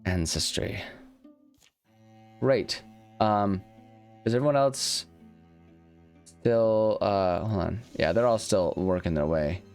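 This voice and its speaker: Deep-voiced man rambling through a game. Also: takes it slowly, pauses often, a little mellow, clean tone, faint music behind. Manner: rambling, self-deprecating, many restarts. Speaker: let's-play host. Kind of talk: casual gameplay commentary.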